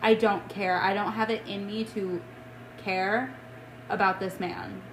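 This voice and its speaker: A woman's voice: medium pitch, steady tone, unhurried, echoey room, poor audio. A young woman co-hosting a casual podcast, talking bluntly and heatedly and swearing often. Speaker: podcast co-host. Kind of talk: casual chat. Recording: faint background noise.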